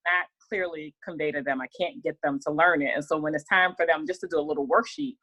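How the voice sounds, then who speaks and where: A woman guest in a casual interview, telling her story in an animated way and acting out what others said. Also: sits low, fast, no room sound, poor audio. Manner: animated storytelling with laughs and acted-out quotes. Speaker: interview guest, working mother.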